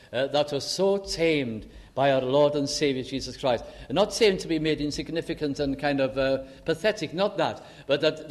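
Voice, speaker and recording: An older man preaching a sermon, telling the story with feeling, acting out quoted dialogue and slowing down for emphasis. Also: on the high side.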